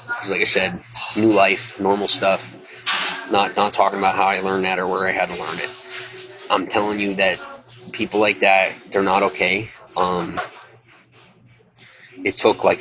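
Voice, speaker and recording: A man's voice: on the low side, low-quality recording. A man talking at length on his own live stream, earnest and rambling with many restarts and fillers. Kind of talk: casual live stream monologue.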